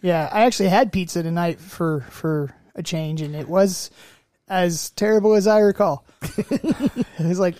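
A man's voice: high-pitched, normal speed, dark tone, no room sound, clean studio sound. Laughing, joking podcast co-host man. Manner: joking, laughs often, mock whispers. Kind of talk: casual chat.

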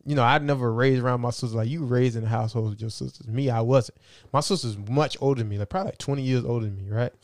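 A man in casual conversation, telling animated, slangy stories and acting out his relatives' voices. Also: mid-range voice, fast talker, no echo, clean studio sound.

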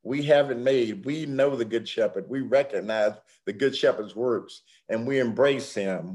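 An older man preaching a sermon, swinging dramatically from hushed, slow passages to loud ones. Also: mid-range voice. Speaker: pastor.

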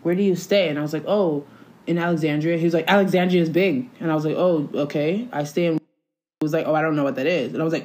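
A woman's voice: deep voice, quick pace. A woman co-hosting a podcast, telling stories in casual slangy chat and acting out quoted lines. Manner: animated storytelling, slangy, acts out quotes. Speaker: podcast co-host.

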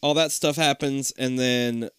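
A man's voice: mid-range voice, measured pace, clear, resonant tone, dry recording, clean studio sound. A man casually retelling a show episode on a podcast, swearing and acting out the characters' lines. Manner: animated storyteller, swears, acts out lines. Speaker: podcast co-host.

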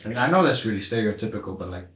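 A man's voice: lowish voice, big pitch swings, rapid-fire, fairly bright tone. A teenage boy co-hosting a casual podcast chat, talking offhandedly with blunt remarks. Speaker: podcast co-host. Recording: echoey room.

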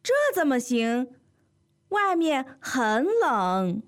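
A woman voicing a firm parent, scripted lesson dialogue, fairly high voice, lively pitch. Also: very slow, full character voice. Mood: insistent. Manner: firm and insistent. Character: insistent parent telling a child to dress warmly.

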